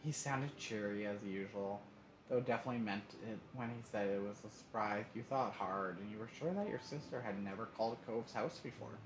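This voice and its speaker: A man's voice: on the low side, fairly quick. Man narrating a story game with asides. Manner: reads aloud with asides and laughs. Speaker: streamer reading a story game. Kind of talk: live-streamed story narration. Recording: roomy echo, faint noise.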